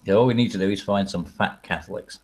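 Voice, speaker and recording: Low-voiced man rambling through a crude story. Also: fast, darkish tone, husky, low-quality recording. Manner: rambling storyteller, crude humor, frequent laughs. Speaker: stream host. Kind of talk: casual banter on a livestream.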